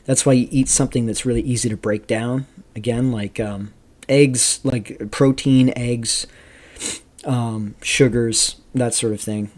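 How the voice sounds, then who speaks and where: A man hosting a live stream, rambling casually through commentary, reading chat questions aloud and filling pauses with "um" and "like". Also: medium pitch, fairly even intonation, darkish tone. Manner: rambling, reads chat aloud, many fillers. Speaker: streamer host.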